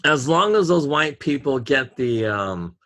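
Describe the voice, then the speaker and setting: A man's voice: medium pitch, animated, unhurried, fairly bright tone, no echo. A man, rambling through stories in casual chat, drawing words out and laughing often.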